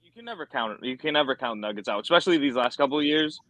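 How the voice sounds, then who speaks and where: A man joining a sports podcast remotely, giving measured opinions and often repeating himself. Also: mid-range voice, animated, a bit bright, no echo. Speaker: guest on call. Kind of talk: casual sports chat. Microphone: remote call audio, cutting out.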